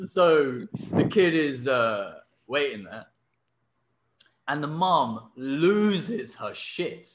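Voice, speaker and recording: This podcast host draws out his words in a medium-pitched voice, recorded in a roomy space with noisy background. He tells a story casually and with animation, peppering it with fillers and laughs.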